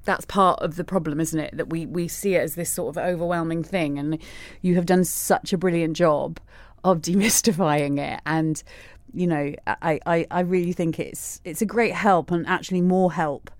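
A woman hosting a podcast, talking in an effusive, halting way with many restarts. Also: lowish voice, steady tone, no echo. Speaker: podcast host. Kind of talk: podcast interview and outro.

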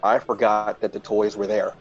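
Self-mocking man telling stories, lo-fi. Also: normal speed. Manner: animated, self-mocking, jumps into high-pitched voices when quoting himself. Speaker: podcast host. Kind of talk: casual storytelling.

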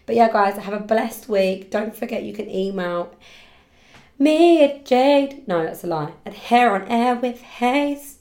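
A woman chats through a casual solo podcast, her voice mid-pitched and loose. She rambles from story to story, laughs easily and gets loud in excited bursts. The room rings with a roomy echo around her. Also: normal speed, hardly any pauses. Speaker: podcast host and hairdresser.

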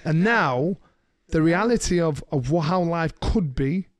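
Middle-aged man, podcast co-host, fairly high voice on a dry close mic, animated storyteller who does the voices. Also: a little slow, no room sound. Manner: animated storyteller, slips into voices of people he quotes. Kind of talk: casual storytelling chat.

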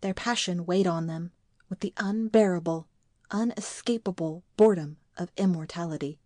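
A woman narrating an audiobook in a measured, quiet way. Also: fairly low pitch, no echo, clean studio sound.

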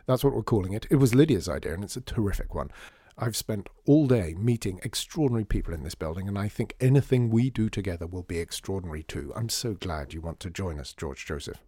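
A man's voice: sits low, lively intonation, fast, dark tone, slightly rough, dry recording, clean studio sound. A man voicing a friendly, upbeat new tenant who talks people round. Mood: persuasive. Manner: upbeat and persuasive.

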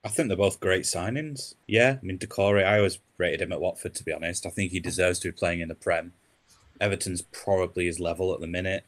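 A man guesting on a casual football podcast, easygoing and measured. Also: low-pitched.

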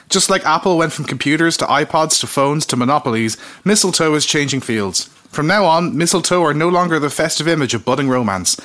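A man co-hosting a comedic podcast, reading mock sponsor messages with a deadpan, sardonic delivery and frequent laughter. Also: mid-range voice. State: slightly tipsy. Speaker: podcast co-host.

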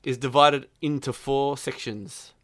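A man talks through a video game in a loose, rambling way, dropping swear words and "like" and "um" as he goes. His voice sits at an ordinary middle pitch and is recorded dry, with no room sound around it. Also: steady tone, unhurried, a bit bright, no room sound. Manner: rambling, profane, full of fillers. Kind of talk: casual chat about a video game.

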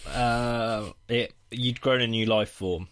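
A man's voice: medium pitch, takes it slowly, a bit bright. A man, co-hosting a film podcast in casual chat, swearing freely and restarting his sentences. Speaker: podcast co-host.

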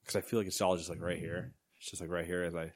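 A man's voice: deep voice, level tone, fast, no echo, clean studio sound. A young man co-hosting a casual gaming podcast, joking and rambling with sarcastic asides, hiccuping now and then. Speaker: podcast co-host. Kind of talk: casual chat.

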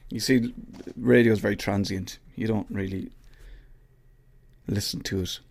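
An Irish podcast host chats casually on his own, rambling and poking fun at himself, restarting often. His voice sits on the low side, slightly mellow, with fairly even intonation and an unhurried pace.

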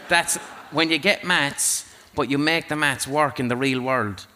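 A man's voice: medium pitch, unhurried, sharp tone, a little hiss or hum. Irreverent, jokey male podcast host. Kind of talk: casual podcast chat.

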